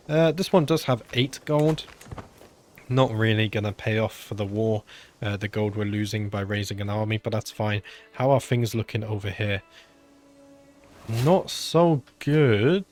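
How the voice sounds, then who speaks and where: A mid-range male voice with a British accent, recorded with a bit of hiss or hum, belongs to a gaming channel host. He gives casual let's-play commentary on a strategy game, musing aloud with lots of filler sounds while sounding slightly under the weather.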